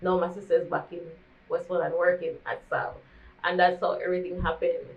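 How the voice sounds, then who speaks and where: A woman's voice: fairly low pitch, level tone, fairly quick. A young woman with a Jamaican accent telling a candid storytime vlog, slipping into patois as she talks. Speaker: vlogger. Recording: dull lo-fi recording.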